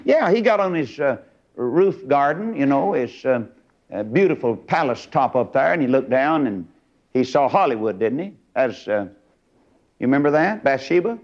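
A man's voice: big pitch swings, normal speed. Preacher man, fiery sermon, voice jumps all over, kinda muffled old tape sound. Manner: fiery, swinging from loud highs to low asides. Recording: dull lo-fi recording.

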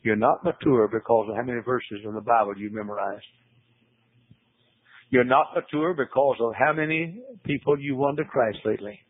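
A man's voice: medium pitch, moderate pace, slightly rough, dry recording. A man preaching a sermon, emphatic and repetitive, his voice climbing sharply on the words he stresses. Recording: tinny phone-like radio broadcast.

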